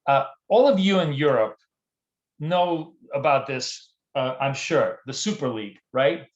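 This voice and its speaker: A man's voice: fairly high pitch, lively intonation, unhurried, echoey room, muffled recording. A man hosting a live trading stream, talking casually with many fillers and restarts and greeting viewers by name from the chat. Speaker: trading show host.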